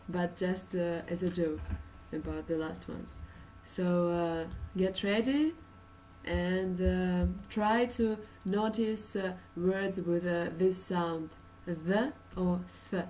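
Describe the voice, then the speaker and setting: A woman's voice: mid-range voice, warm tone, far from the mic, a little hiss or hum, low-quality recording. A woman from Russia with a Russian accent, teaching an English pronunciation lesson with many uh and um fillers and patient explanations.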